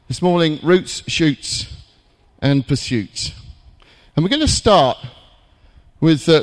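A man preaching a jokey, conversational sermon in a church, with dramatic pauses. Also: medium pitch, in a large hall.

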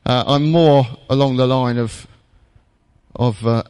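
A man preaching a jokey, conversational sermon in a church, with dramatic pauses. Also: medium pitch, steady tone, a little mellow, clear, resonant tone, long reverb tail.

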